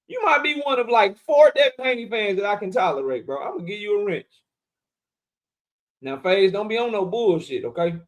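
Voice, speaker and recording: High-voiced joking livestream host man. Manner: loud, joking shout-outs to chat, profane. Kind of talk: casual livestream chat.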